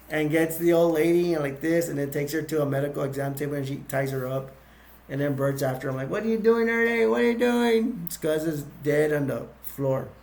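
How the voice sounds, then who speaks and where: A man's voice: on the high side, a little mellow. Rambling man recapping a movie. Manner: rambling, with many fillers and restarts. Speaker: movie reviewer. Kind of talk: casual plot recap.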